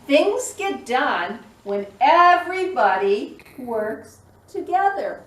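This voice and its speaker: Slow sing-songy lady doing toddler storytime, echoey room, mic kinda far off. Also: sits high. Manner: expressive storyteller, makes animal noises. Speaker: children's librarian.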